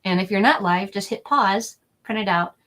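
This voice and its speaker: A woman teaching a live online lesson for families, chatty, repeating each word slowly for learners. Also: mid-range voice, a bit bright, low-quality recording. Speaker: Spanish teacher. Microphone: document camera setup, desk mic.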